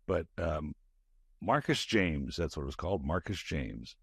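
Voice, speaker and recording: An older man hosting a podcast from a studio, rambling chattily with fillers and trailing into lower murmurs. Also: animated, a little slow, vocal fry, slightly rough, dry recording. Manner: rambling with fillers, drops to a low mutter. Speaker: podcast host. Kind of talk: casual interview chat.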